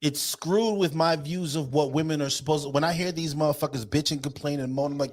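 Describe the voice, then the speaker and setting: A man with a voice on the high side co-hosts a podcast, talking fairly fast in casual conversation. His style is animated, blunt and opinionated, laced with plenty of profanity.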